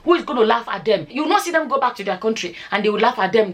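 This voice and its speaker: A woman's voice: a little high, animated, fast, few pauses. A Nigerian woman with a Nigerian accent giving her views on a casual vlog, firing off rhetorical questions and slipping into Nigerian Pidgin. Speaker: vlogger.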